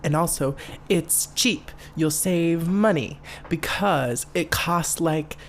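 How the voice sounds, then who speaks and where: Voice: mid-range voice, slow, a little hiss or hum. A podcast host in their late twenties, chatting casually and playfully, camp and full of swearing. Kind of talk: casual solo podcast chat.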